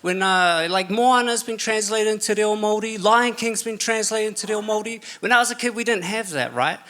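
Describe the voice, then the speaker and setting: A man's voice: high voice, a little fast, fairly bright tone. A young man with a New Zealand accent performing a stand-up comedy set on a theatre stage, chatty and self-mocking. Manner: chatty, self-mocking, frequent filler "okay" and "you know". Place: large theatre stage with audience. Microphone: stage microphone.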